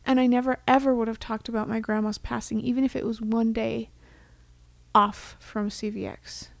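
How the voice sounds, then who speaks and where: Young woman, heartfelt and reflective co-host, higher voice, dry recording. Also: little pitch movement, moderate pace, creaky, dry recording. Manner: heartfelt, reflective, drops to a whisper for quoted thoughts. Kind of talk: casual chat.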